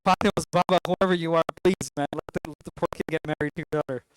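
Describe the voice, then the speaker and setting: Faint music plays behind a fast-talking man whose slightly high voice holds a steady tone. In his twenties and New York–accented, he delivers a conversational mosque talk for parents, quizzing the audience and slipping in jokes.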